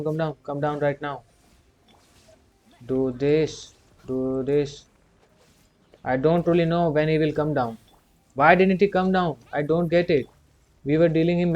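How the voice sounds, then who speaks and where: Flat-voiced young man muttering gameplay commands. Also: medium pitch. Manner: muttered repetitive commands to himself; frustrated grumbling at the game. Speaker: gaming channel host. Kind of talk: live gameplay commentary. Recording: dull lo-fi recording.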